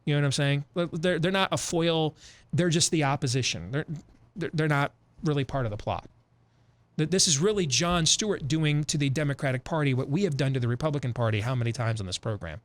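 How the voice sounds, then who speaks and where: Emphatic, animated male talk host. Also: a little high, fairly quick. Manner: emphatic, animated storytelling with repetitions. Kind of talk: opinionated radio talk.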